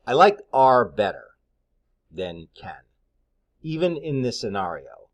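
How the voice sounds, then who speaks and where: Blunt, lively-voiced middle-aged man. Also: mid-range voice, normal speed, pauses often. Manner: blunt, candid, conversational with frequent fillers. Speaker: massage therapist. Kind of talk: casual advice talk.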